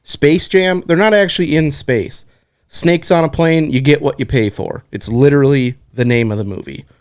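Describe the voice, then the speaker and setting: A man's voice: on the high side, moderate pace, clear, resonant tone, no echo, clean studio sound. Rambling man telling stories on a podcast. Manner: rambling storyteller, swears casually. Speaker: podcast co-host. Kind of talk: casual chat.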